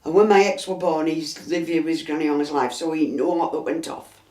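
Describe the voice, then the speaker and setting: A woman's voice: low voice, a little fast. Chesty older Yorkshire woman telling a tale. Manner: lively storyteller acting out quoted dialogue. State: chesty cough. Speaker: resident interviewee. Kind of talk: storytelling interview. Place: inside a house. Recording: roomy echo.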